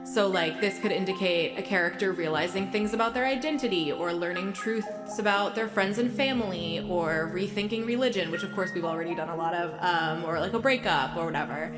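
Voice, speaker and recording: A woman's voice: lowish voice, fairly quick, few pauses, roomy sound, music in the background. A woman game master plainly explaining a tabletop game prompt.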